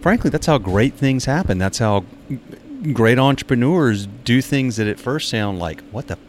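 A man's voice: mid-range voice, lively intonation, moderate pace, a little hiss or hum. A man hosting a podcast in casual conversation, agreeing readily and chiming in with support.

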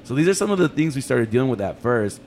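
A fast-talking man tells a story from his kitchen days in loose, profane podcast chat. He acts out every voice in the tale with lively energy. A faint hum of room ambience sits under his voice. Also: mid-range voice. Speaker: chef and restaurant owner.

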